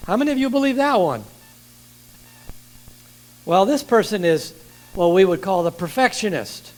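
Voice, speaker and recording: Lively older man preaching a sermon. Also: high voice, normal speed, pauses often, faint music behind, rough recording. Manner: lively, questions the congregation. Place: church.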